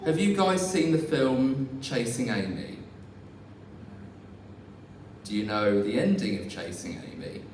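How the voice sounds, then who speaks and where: A man's voice: mid-range voice, lively intonation, slow pace, long pauses, a little mellow. A young man doing a live stand-up set, rambling and self-deprecating with many fillers and restarts. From England. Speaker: stand-up comedian. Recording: far-off echoey hall recording, faint noise.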